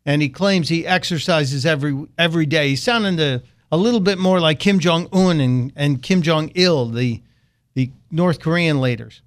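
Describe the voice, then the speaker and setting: A man's voice: fairly high pitch, normal speed. A man hosting a talk radio show, delivering sarcastic, mocking commentary into a studio microphone.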